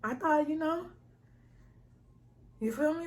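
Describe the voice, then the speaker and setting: Young female vlog host, slightly high voice, blunt and profane, relaxed storytelling. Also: moderate pace, slight background noise. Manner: blunt, profane, streetwise talk. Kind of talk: casual storytelling chat.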